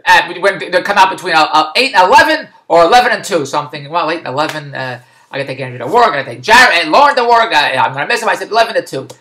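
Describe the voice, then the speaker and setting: Middle-aged guy, rapid, lively exasperated vlog rant. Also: fairly high pitch. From Philadelphia. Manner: exasperated, digressive storytelling. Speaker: vlogger. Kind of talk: rambling comic monologue.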